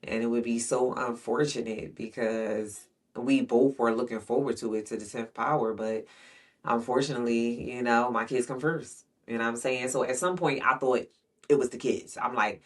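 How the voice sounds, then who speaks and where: A man's voice: medium pitch, steady tone, moderate pace, husky. Guy venting a rambling storytime, slangy, a bit far from the mic. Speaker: vlogger. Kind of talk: candid storytime monologue.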